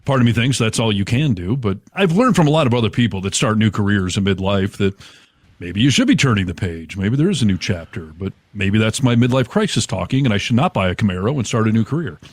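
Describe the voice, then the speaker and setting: A man's voice: lowish voice, lively intonation, no room sound. A man around fifty who works in radio, co-hosting a podcast with wry jokes. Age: 50s. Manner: quick, wry, joking. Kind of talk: casual chat.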